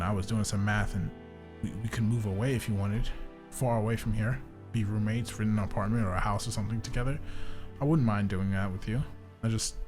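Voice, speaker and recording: A man voicing a worried young woman who pleads softly with her best friend, reading a visual novel aloud over faint music. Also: fairly low pitch, lightly acted. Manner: soft, pleading, gently pushing.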